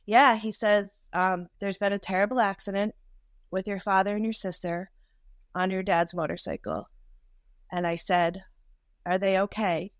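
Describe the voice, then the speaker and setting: A woman in her thirties, a podcast guest, telling a deeply emotional personal story in a halting way, with many restarts. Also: fairly even intonation, dry recording.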